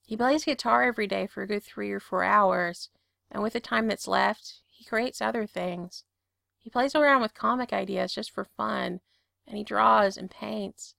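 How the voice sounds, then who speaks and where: Woman reading a story out loud, steady and calm, gravelly fry, dry close mic. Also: mid-range voice, moderate pace, no echo. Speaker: narrator. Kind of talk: reading fan fiction aloud.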